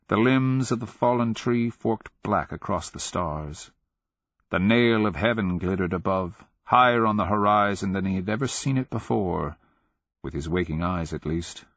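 Rich: A man reads a fantasy audiobook in a very low voice, slow and grave. The sound is dry and close, with a dull, lo-fi tone. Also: a bit bright, no room sound. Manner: measured, grave storytelling. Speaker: narrator. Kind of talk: scripted audiobook narration.

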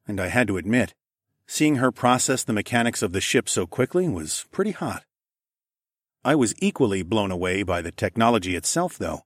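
A man reading a first-person story as an audiobook, relaxed storytelling with casual asides. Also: on the low side, no room sound, studio quality. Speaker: audiobook narrator.

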